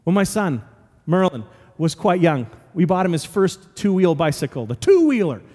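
A man's voice: high voice, very animated, moderate pace, warm tone. A male pastor preaching a sermon, telling stories earnestly and driving points home with repetition. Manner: earnest storytelling with emphatic repetition. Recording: long reverb of a large hall.

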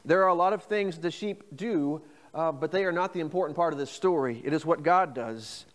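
A man preaching a sermon as pastor, reading scripture phrases slowly and inviting the congregation to repeat them. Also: on the high side, in a large hall. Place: church.

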